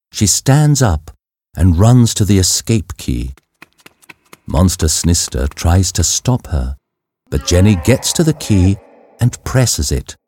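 A man reading a simple story aloud as a narrator, slow and clear. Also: low voice, mellow. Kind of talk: scripted narration of a graded reader.

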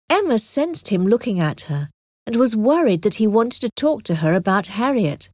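Woman reading an audiobook, lots of melody, clear and expressive, dry close sound. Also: medium pitch, no room sound. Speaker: narrator. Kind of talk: audiobook narration.

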